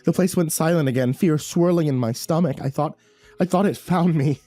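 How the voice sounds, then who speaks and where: A man's voice: on the high side, normal speed, dark tone, no room sound, faint music behind. A man narrating a first-person horror story in a tense, breathless way, stumbling over words now and then.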